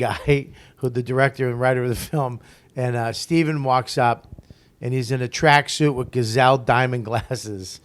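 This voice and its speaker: A man tells stories as a comedian guest in a relaxed interview, with plenty of swearing. He gets animated and acts out what other people said. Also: medium pitch. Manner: profane, animated storyteller who acts out quotes. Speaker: stand-up comic guest. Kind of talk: casual storytelling interview.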